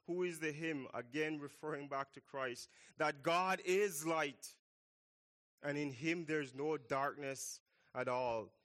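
A man preaching a sermon, slow and emphatic, repeating key phrases for weight. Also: a little high, a bit bright.

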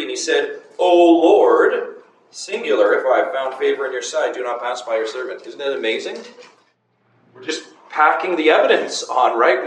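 A man's voice: fairly high pitch, a bit bright. A man teaching a Bible class, emphatic, putting questions to the students. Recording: echoey room, far from mic, faint noise.

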